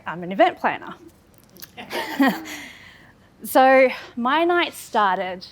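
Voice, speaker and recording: A woman in her thirties from Australia gives an earnest, candid speech about her own life, building on repeated phrases. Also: a little high. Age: 30s. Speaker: public speaker. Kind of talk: personal storytelling speech.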